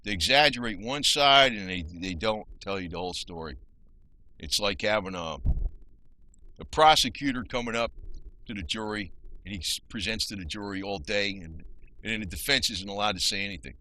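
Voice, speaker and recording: A man's voice: on the low side, moderate pace, bright, forceful tone, slight background noise, low-quality recording. A man with a New Jersey accent ranting heatedly in a casual video, rambling with restarts and mild swearing. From New Jersey, USA. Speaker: channel host.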